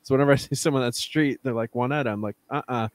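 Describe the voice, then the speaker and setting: A man's voice: mid-range voice, rapid-fire, dry recording. A man hosting a casual online chat, telling anecdotes and laughing often. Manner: laughs often, tells anecdotes with quoted voices. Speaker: podcast host.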